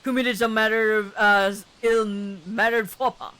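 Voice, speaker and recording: A woman's voice: fairly high pitch, steady tone, a little slow, fairly bright tone. A young woman reading a theatrical, pompous middle-aged man who fancies himself a detective, with a grandiose put-on British lilt. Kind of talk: reading game dialogue aloud.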